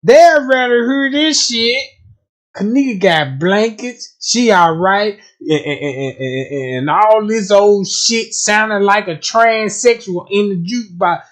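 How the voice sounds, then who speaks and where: A man's voice: sits high, unhurried, hardly any pauses, a bit bright. A man with a country Southern US accent hosting a livestream, talking casually with a lot of profanity, often repeating words as he stumbles and checking that his listeners follow. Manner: keeps asking listeners if they follow. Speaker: livestream host.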